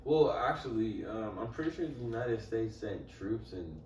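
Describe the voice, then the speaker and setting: A man's voice: fairly low pitch, animated, moderate pace, darkish tone, a little hiss or hum. A young man chatting on a casual podcast, hesitant and joking. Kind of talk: casual chat. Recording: echoey room, mic at a distance.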